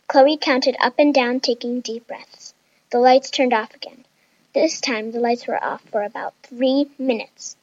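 A woman reading a storybook aloud, slowly and carefully, pausing through lists. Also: fairly high pitch, steady tone, dry recording, highs cut off.

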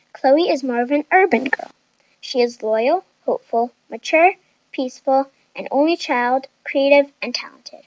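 Brief: high-pitched woman reading a story aloud, careful and measured, dull recording. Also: no echo. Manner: reads lists of traits slowly and carefully.

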